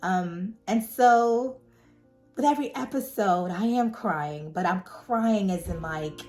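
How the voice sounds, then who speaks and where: A woman vlogger in a casual, heartfelt monologue, animated and emphatic, who repeats words for emphasis. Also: medium pitch, slow, soft background music. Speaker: vlogger reviewing a web series.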